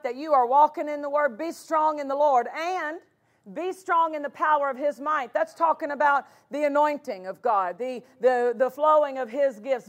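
A high-pitched woman delivers a sermon as a pastor. She preaches emphatically, pressing on key words and repeating them for force. Her voice sits bright and high above the usual woman's range.

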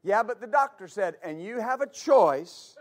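Preaching in an unhurried, expressive, high-pitched voice, this male pastor is fervent and repetitive. He stammers on restarts and engages the congregation in call-and-response, asking them for answers.

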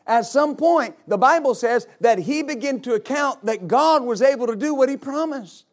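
A male pastor preaching a sermon, rising into repeated, shouted exhortations to his congregation. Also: extremely high pitch, animated, normal speed. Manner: builds to shouted, repetitive exhortation.

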